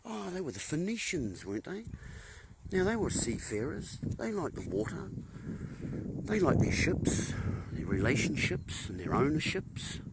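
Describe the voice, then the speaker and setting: A man's voice: on the high side, big pitch swings, a little slow, heavy background noise. A man giving a rambling monologue to viewers, punning as he goes, chuckling at his own jokes and calling his listeners folks. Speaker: host.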